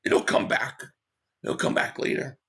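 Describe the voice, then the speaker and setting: A man hosting a casual live stream, hoarse from losing his voice, who reads out viewer comments and gives blunt opinions. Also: sharp tone. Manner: opinionated, quick agreement with viewers.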